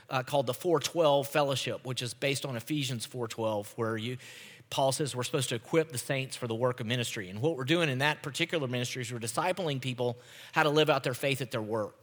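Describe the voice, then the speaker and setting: Male pastor, talky sermon delivery, brightish voice, big sanctuary reverb. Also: mid-range voice. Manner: conversational preaching, often checks in with "right?". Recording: long hall reverb.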